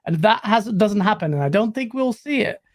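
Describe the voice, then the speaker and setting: A man's voice: sits high, animated, fairly quick. A man on a gaming podcast making his case in an earnest, analytical way. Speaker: podcast guest, games writer. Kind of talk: casual gaming podcast chat.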